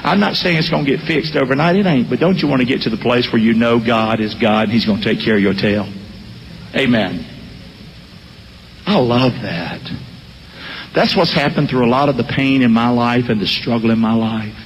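A man's voice: medium pitch, moderate pace, a little hiss or hum. A male pastor preaching a sermon, calling out to his congregation. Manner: animated, calls out to congregation. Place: church hall. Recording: echoey hall.

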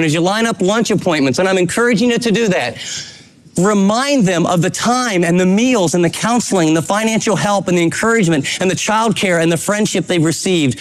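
A man with a notably high voice delivers a sermon from the pulpit. He reads scripture and urges his listeners on with emphatic, fatherly exhortation. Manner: preaching with urgent emphasis. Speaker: pastor.

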